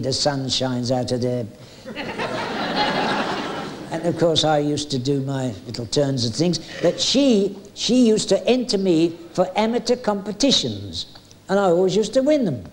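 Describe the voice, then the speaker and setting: A man's voice: fairly high pitch, lively intonation, normal speed. An older man, telling stories in a chatty, jokey way, with hesitant fillers now and then. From England. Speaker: retired music hall entertainer reminiscing. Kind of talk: anecdotal storytelling.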